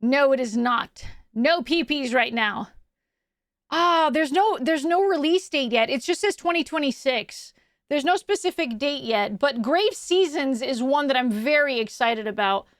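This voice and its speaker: A chatty woman hosting a casual live stream, with a high voice and a bubbly, upbeat way of answering her viewers. The sound is dry and close, with no room echo. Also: animated, unhurried. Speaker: VTuber streamer.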